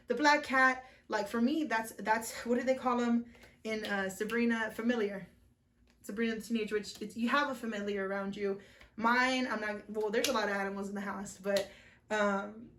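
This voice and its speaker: A woman's voice: on the high side, a bit bright. A young woman giving a casual tarot reading, chatty and upbeat, laughing often and swearing now and then. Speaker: tarot reader. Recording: echoey room.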